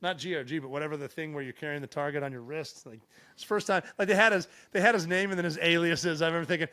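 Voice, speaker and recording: A man's voice: on the high side, rapid-fire. A middle-aged man from Montana, a podcast guest telling stories in casual chat with plenty of swearing. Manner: profane, animated storyteller. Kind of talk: casual storytelling.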